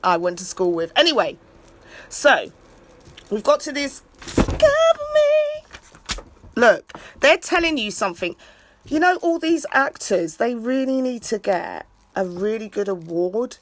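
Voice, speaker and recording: A woman in a rambling live video chat. She rants and shouts out to friends in an excitable way. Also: mid-range voice, dry recording. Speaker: vlogger.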